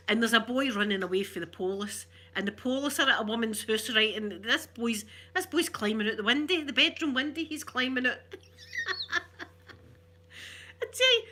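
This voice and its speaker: A woman with a Glaswegian Scottish accent chatting casually, a rambling storyteller who laughs often and slips into soft asides. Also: on the high side. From Glasgow, Scotland. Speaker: ASMR vlogger. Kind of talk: casual chat.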